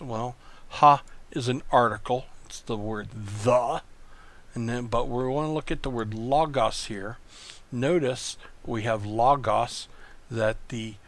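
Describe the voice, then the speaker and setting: A man teaching a recorded online Greek lesson, explaining slowly and patiently, with many pauses and ums. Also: mid-range voice. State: coughing. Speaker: Greek tutor.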